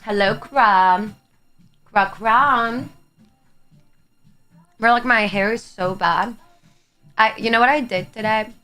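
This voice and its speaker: A woman's voice: mid-range voice, fairly even intonation, unhurried, sharp tone, smooth. Young Greek woman, native Greek speaker, chatty streamer, mid-range voice, faint music bed. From Greece. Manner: chatty, laughs often, swears casually. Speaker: livestreamer. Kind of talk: casual chat with live chat.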